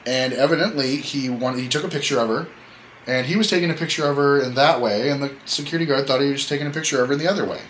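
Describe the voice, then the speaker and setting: Hombre charlando con soltura en un pódcast, sonido con ligero ruido de fondo. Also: male voice, mid-range voice, fast, a bit bright, a little hiss or hum, poor audio. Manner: rambling, self-correcting, joking storyteller. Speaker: podcast host. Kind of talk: casual podcast chat.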